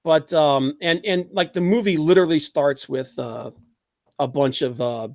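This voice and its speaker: A man's voice: on the high side, measured pace, dry recording. Opinionated man ranting on a dry mic. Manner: animated, opinionated, reads chat aloud. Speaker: podcast host. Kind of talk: casual livestream commentary.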